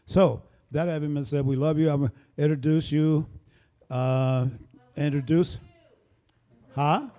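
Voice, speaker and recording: A man's voice: on the high side, steady tone, measured pace, pauses often, dark tone. An older man leading a band, introducing his musicians with rambling, joking stage banter into a microphone at a small venue. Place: small performance space, live audience.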